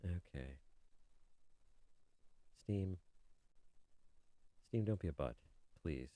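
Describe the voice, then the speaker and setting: A man streaming video games, chatting casually and mocking himself while he mutters at his software. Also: sits low, animated, extremely slow, no room sound. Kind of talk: casual game stream chat.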